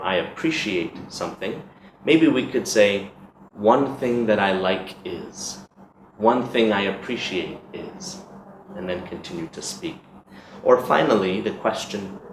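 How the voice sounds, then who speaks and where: A man from the United States teaching an exam preparation lesson in a measured, explanatory way, reading out sample questions. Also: fairly low pitch. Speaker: English teacher. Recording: echoey room with background noise.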